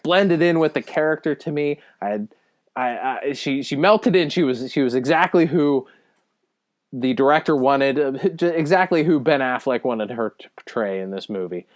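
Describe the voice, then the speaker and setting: Rambling, self-deprecating man, low voice. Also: dry recording, clean studio sound. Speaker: speed-painting video host reviewing a film. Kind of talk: rambling casual commentary over a painting.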